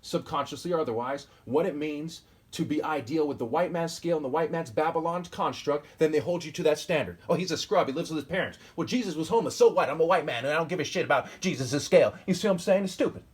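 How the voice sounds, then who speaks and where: A man in his forties with a husky, slightly rough voice holds forth alone on camera. He reads out verses and then rants about them, combative and insulting. He keeps pressing his point with a repeated "okay?". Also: a little high, quick pace, few pauses. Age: 40s. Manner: preachy, keeps asking "okay?". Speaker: self-styled preacher. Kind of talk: solo video monologue reading and commenting on scripture.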